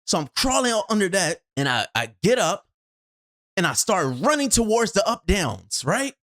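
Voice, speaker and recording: Speaking at a normal speed, a video host tells a personal story expressively, acting out their own reactions and jumping from loud outbursts to quiet asides. It was recorded on a shotgun mic in a home studio.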